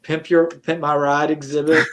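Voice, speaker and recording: A man chatting casually as a guest, animated and laughing, swearing as he goes. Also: fairly high pitch, moderate pace, a little hiss or hum, poor audio. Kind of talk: casual chat.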